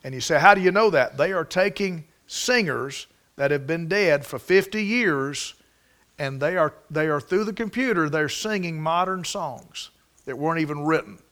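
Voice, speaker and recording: A man's voice: on the high side, moderate pace, a bit bright. A man preaching a sermon, emphatic and prone to restarts. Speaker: pastor.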